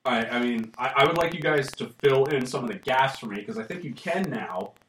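Bright-voiced man rambling in an echoey room. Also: medium pitch, lively intonation, fairly quick. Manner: laughing, rambling storyteller. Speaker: podcast host. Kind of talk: casual chat. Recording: echoey room, mic at a distance, faint hiss.

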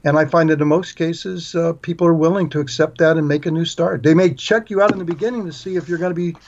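A man as a guest author on a parenting podcast, explaining in an earnest, steady way with small restarts. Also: a little high, fast, slight background noise. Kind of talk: podcast interview. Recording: dull, muffled audio.

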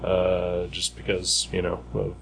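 A man's voice: low voice, monotone, slow pace, creaky, a bit bright, slight background noise. A man co-hosting a casual podcast chat, rambling with many fillers and restarts. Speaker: podcast co-host.

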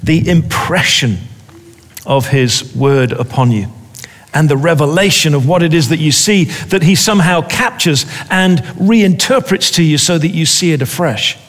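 A man preaching a sermon in a deliberate way, repeating phrases for emphasis. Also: a little high, a bit bright, big-room sound.

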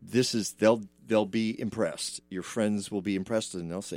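A man's voice: fairly low pitch, normal speed, darkish tone, dry recording. Chatty man hosting from a dry studio. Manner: chatty, rambling, lots of filler. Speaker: radio show host. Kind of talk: casual studio chat. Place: radio studio.

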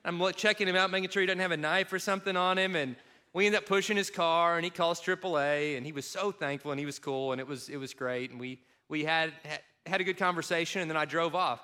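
Talking fast in a slightly high voice, this middle-aged Kentucky pastor weaves humorous tales from his own life into a scripture-based sermon. He pokes fun at himself with lively energy and acts out other people's voices.

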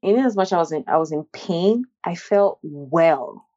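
Young woman, lower-pitched, candid first-person testimony, halting and conversational, slightly muffled lo-fi sound. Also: expressive, dark tone. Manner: halting, conversational, many "like" fillers and restarts. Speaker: interviewee sharing a personal story.

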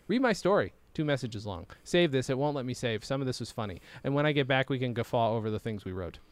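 Rambling man with lively pitch. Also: quick pace, hardly any pauses. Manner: absurd rambling, silly put-on voices. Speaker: podcast co-host. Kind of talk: casual chat, reading old writing aloud.

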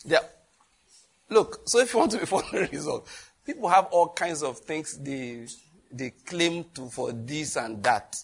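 Husky, laughing preacher man. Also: on the high side, a little slow. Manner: lively preaching with laughter and rhetorical questions. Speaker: pastor. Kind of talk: sermon.

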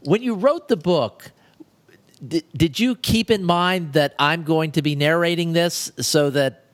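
Male interviewer, fairly high voice, attentive, probing follow-ups. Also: a little slow. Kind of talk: casual interview questions.

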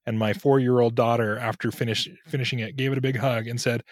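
A man's voice: mid-range voice, fairly even intonation, no echo. Joking man on a podcast, dry sound. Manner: joking, quick quips. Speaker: podcast guest. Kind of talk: casual podcast discussion.

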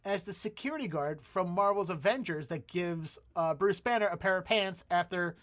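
A man's voice: high voice, moderate pace, fairly bright tone. A man hosting a casual vocabulary segment, chatty and rambling with fillers. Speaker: podcast host. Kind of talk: casual comedic chat.

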